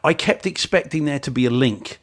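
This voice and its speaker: Male podcast co-host, middle-pitched, casual and opinionated, tends to restart sentences. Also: animated, a little fast. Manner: opinionated, jokey, frequent restarts.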